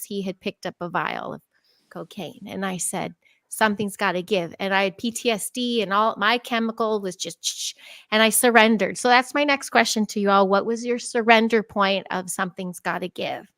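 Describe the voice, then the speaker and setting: A woman openly sharing her own addiction and recovery story in a casual live talk show, animated and candid. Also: mid-range voice, moderate pace, no echo. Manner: open, animated storytelling with laughs. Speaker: co-host.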